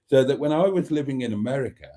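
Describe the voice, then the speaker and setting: Middle-aged British male host, rambling live-stream chat, dark mellow tone, dry humour. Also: medium pitch, expressive, fast talker. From Britain. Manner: chatty and rambling, with dry jokes and mock outrage. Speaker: livestream host reading viewer comments.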